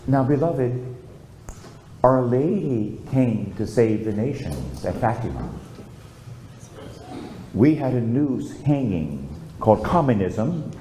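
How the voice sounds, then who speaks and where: A man's voice: mid-range voice, mellow, slight background noise. An older man, a priest, preaching a storytelling sermon and calling out for amens. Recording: echoey room with faint ambience.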